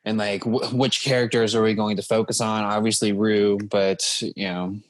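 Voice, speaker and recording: A man's voice: fairly low pitch, level tone, moderate pace, no echo. A man co-hosting a podcast in casual chat, easygoing and reflective. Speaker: podcast co-host.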